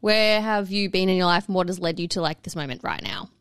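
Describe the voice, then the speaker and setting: A woman's voice: fairly low pitch, fast, smooth, no echo, clean studio sound. A woman co-hosting a podcast, encouraging and responsive in casual chat. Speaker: podcast co-host, nurse.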